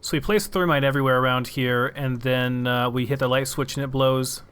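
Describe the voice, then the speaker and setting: A man's voice: medium pitch, steady tone, fairly quick, a bit bright, smooth. A young man casually commenting on his game, musing aloud and swearing now and then. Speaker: gamer.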